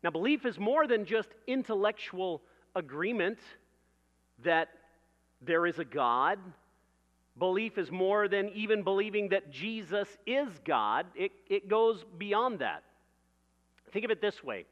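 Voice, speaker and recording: A man's voice: high-pitched, big pitch swings, unhurried, big-room sound, lo-fi sound. A man preaching a sermon in a conversational way, building vivid everyday illustrations and laughing at his own jokes.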